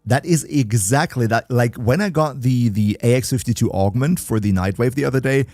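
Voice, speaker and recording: A man's voice: mid-range voice, normal speed, a little mellow, dry recording, clean studio sound. A man hosting a game livestream, chatting casually and answering viewer messages in an upbeat way. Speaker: game streamer.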